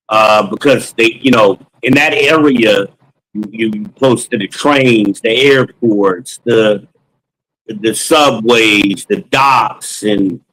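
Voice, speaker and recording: A man of ordinary pitch casually recounts an anecdote in a loose, slangy way. He pauses on ums and acts out both sides of the conversation. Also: fairly bright tone, slightly rough, poor audio. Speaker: storyteller.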